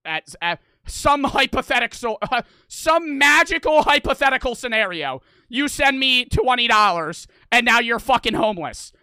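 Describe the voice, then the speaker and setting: A young man streaming live, ranting to his chat in heated, profane bursts and sometimes yelling. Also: very high voice, very animated, moderate pace, hardly any pauses, clear, resonant tone, no echo. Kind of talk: ranting livestream talk to chat.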